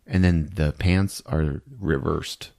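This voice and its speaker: A man's voice: extremely low pitch, takes it slowly, creaky. A man hosting a podcast, casually retelling a movie plot with lots of laughter. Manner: animated, laughing, storytelling. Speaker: podcast host.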